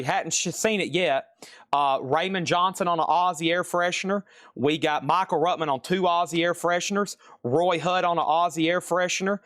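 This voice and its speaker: A man's voice: fairly high pitch, fairly bright tone, no room sound, studio quality. A man hosting a live-streamed record sale. He chats and jokes like a salesman while calling out prices and buyers. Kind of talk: live auction sales patter.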